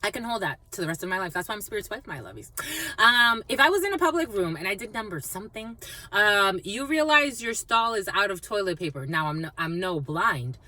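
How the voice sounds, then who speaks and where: A woman's voice: a little fast, low-quality recording. A woman giving a casual spiritual tarot reading to her viewers, talking freely, repeating phrases and calling them "my lovies". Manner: animated, swoops high and drops low, repeats phrases, calls listeners "my lovies". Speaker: tarot reader.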